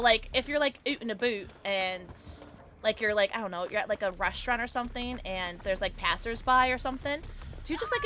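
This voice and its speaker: Excitable woman streamer, lively higher voice. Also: a little hiss or hum. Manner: excitable, chatty, talks to chat, many fillers like "like". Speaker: livestreamer. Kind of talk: casual gaming livestream chat. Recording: game music audible behind voice.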